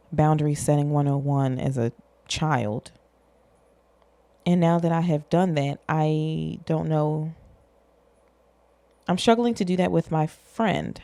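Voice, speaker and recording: With a low, gravelly, warm voice, a young woman podcast host talks candidly in a rambling, casual monologue. She swears without restraint and jokes at her own expense, and there's no echo.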